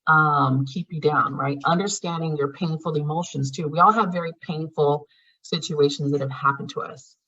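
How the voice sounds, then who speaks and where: Woman, lowish bright husky voice, blunt foul-mouthed healing teacher, lo-fi recording. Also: steady tone, normal speed. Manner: blunt, frequent swearing, conversational. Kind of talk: casual spoken lesson. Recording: dull lo-fi sound.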